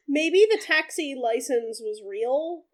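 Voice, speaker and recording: A woman's voice: high-pitched, lively intonation, very slow. A woman co-hosting a podcast in casual chat, giggly and playful, prone to doing silly voices. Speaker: podcast co-host.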